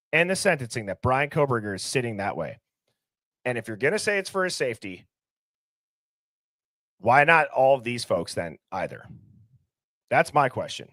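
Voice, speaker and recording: Animated male livestream host, dry close sound. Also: mid-range voice, no room sound. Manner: animated, conversational, rhetorical questions. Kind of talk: casual livestream commentary.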